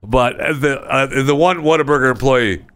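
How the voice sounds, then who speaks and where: A man's voice: moderate pace, fairly bright tone, clean tone. A man hosting a podcast in a studio, rambling sarcastically in a casual comedic monologue. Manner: rambling, sarcastic, acts out people in high voices. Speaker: podcast host. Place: recording studio.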